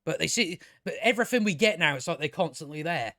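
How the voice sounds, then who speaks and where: A man's voice: on the high side, animated, fast talker, sharp tone. A man giving a rambling, sweary, mocking commentary while reviewing a show. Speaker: video reviewer. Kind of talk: casual commentary over clips.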